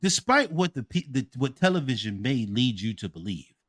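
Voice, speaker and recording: A man co-hosting a podcast, telling stories in a loud, profane, animated way. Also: mid-range voice, moderate pace. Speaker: podcast co-host. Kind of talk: casual podcast chat.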